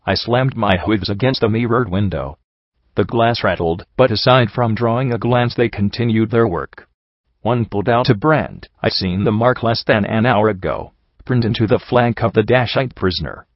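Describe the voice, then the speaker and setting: A man reading a first-person story aloud in a steady, grim way. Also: lowish voice, moderate pace, no echo. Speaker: audiobook reader. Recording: dull lo-fi recording.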